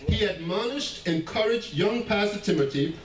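A man preaching a sermon as pastor, animated, with laughing asides and stammering restarts. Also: sits high, normal speed. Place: church sanctuary. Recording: echoey church room heard from a distance.

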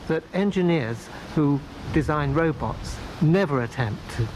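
A man calmly explaining something in an archive clip. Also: fairly high pitch, measured pace, poor audio. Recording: archive clip with background noise.

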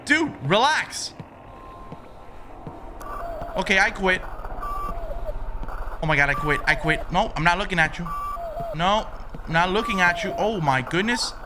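A man's voice: high-pitched, a little fast, noisy background. A man commenting on a horror game he is playing, muttering nervously to himself, swearing often and yelping when startled. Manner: jumpy, swears a lot, yelps when startled. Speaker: gaming video creator.

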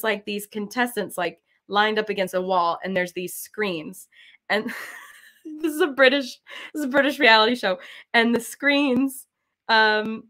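An American woman in her thirties chats casually while stitching, her talk rambling and loose. She drifts from point to point with plenty of "like" and "um", slipping into quick giggles along the way. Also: mid-range voice, a bit bright. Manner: rambling and giggly, full of "like" and "um", often trails into quick laughs. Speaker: cross-stitch designer and channel host.

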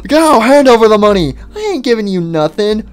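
A performer voicing a grumpy male animatronic alligator biker who talks fast and blusters, in a game machinima. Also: medium pitch, sing-song, smooth, faint music behind, natural voice. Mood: angry. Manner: rapid, blustering, demanding.

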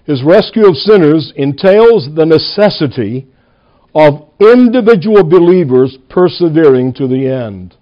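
A man, a pastor, preaching a sermon in a church, stressing single words and slowing down on key lines. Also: on the high side, animated, lo-fi sound.

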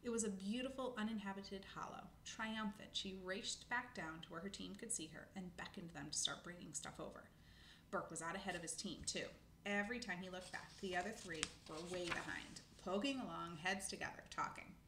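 A woman reading a children's book aloud with expressive storytelling. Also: medium pitch, brisk. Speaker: narrator. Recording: echoey room, faint noise.

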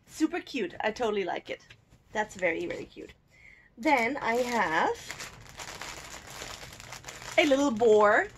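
A woman from Germany talks through an unboxing at home in a loose, chatty way. Her voice sits a little on the high side. She coos over each cute item and giggles often, and a faint hiss runs under her voice. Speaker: unboxing vlogger. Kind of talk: casual unboxing chat.

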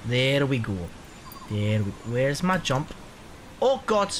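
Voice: medium pitch, animated, takes it slowly, slight background noise. A host swearing and joking while commenting on a video game and talking to the game character. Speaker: let's play host. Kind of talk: gameplay commentary.

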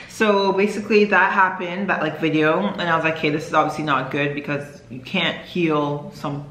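A woman's voice: on the low side, fairly bright tone. A young woman vlogging casually to camera, rambling and chatty with lots of fillers and self-corrections. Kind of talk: casual vlog chat to camera. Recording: echoey room.

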